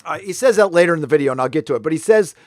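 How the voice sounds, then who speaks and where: A man's voice: on the high side, animated, rapid-fire, no echo, clean studio sound. Ranting American man on a livestream. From United States. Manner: blunt, ranting, swears freely. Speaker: livestream host. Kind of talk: casual commentary livestream. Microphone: headphones on while talking into a desk mic.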